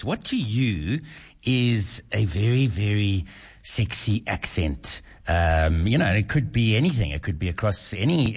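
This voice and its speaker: A man co-hosting a radio chat, telling stories in an animated way and repeating words. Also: fairly low pitch, slightly rough. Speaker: radio co-host.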